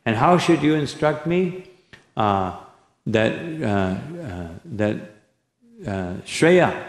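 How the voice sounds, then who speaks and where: Male monk lecturer, gravelly voice, reverberant hall, discursive, sprinkles in "no?" tags. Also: mid-range voice, sing-song, drawn-out words. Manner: discursive, frequent "no?" and "you know" tags, quotes Sanskrit verses. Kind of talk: scripture lecture. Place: temple hall. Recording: echoey hall recording.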